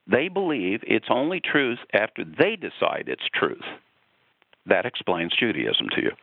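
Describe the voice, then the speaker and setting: A man calling in as a guest, telling a long story with lively energy. His low voice has a gravelly texture and a dry sound. It comes through a narrow, phone-like line. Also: unhurried, no room sound. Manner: animated storyteller. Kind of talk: casual radio conversation.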